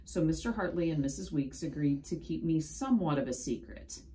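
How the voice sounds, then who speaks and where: A woman reading a children's picture book aloud in expressive first-person storytelling. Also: low voice, fairly quick, slight background noise. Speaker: storybook reader.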